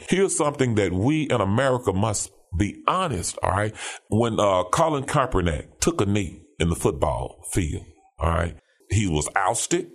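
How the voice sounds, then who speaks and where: A man's voice: mid-range voice, big pitch swings, normal speed. A man, a pastor and police officer, talking in an emphatic preaching cadence, repeating phrases and checking in with "all right?". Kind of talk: conversational commentary with preaching cadence.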